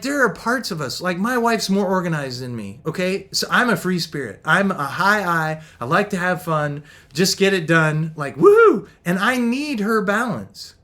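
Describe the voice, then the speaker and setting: A middle-aged man giving an energetic, upbeat Christian marriage talk. He laughs often and acts out the voices of the people he quotes. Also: sits high. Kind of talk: motivational talk.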